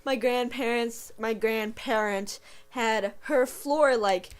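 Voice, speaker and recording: A woman's voice: on the high side, slow pace. A young woman hosting a casual podcast, telling stories with laughter and acting out voices. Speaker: podcast host. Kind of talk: casual storytelling chat.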